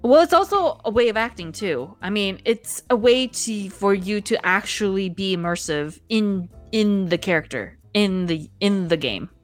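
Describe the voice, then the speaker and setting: A woman's voice: mid-range voice, animated, moderate pace, hardly any pauses, soft background music. A woman co-hosting a podcast in casual chat, explaining her point in a matter-of-fact way. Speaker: podcast co-host.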